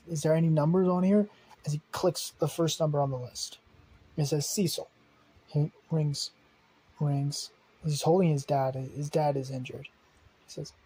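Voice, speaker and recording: A man's voice: a little high, mellow, slightly rough, low-quality recording. A young man improvising a fan story aloud, rambling with fillers, restarts and casual swearing.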